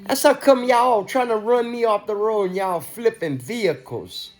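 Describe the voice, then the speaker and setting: A man's voice: high-pitched, normal speed, faint music behind. A man in an agitated, profane and repetitive rant, talking straight to his viewers. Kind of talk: ranting monologue to camera.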